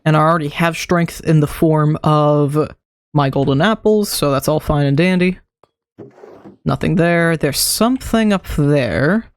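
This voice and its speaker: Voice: mid-range voice, a little slow, clear, resonant tone. A streamer giving casual gameplay commentary, muttering and thinking aloud to themself.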